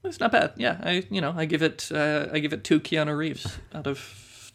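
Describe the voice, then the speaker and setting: Gravelly-voiced man on a podcast. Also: fairly high pitch, moderate pace, fairly bright tone. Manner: thoughtful, stammering restarts. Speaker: podcast co-host. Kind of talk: casual chat.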